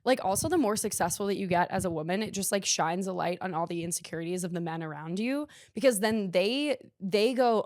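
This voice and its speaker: A woman's voice: mid-range voice, brisk, hardly any pauses, darkish tone, no room sound, studio quality. A young woman hosting a podcast, telling a rambling, self-deprecating story in casual chat, full of "like". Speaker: podcast host.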